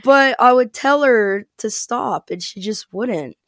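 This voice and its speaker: A woman's voice: on the high side, animated, takes it slowly, no room sound, studio quality. An American woman talking as a podcast guest, chatty and rambling, with frequent fillers and laughs. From United States. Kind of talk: casual interview chat.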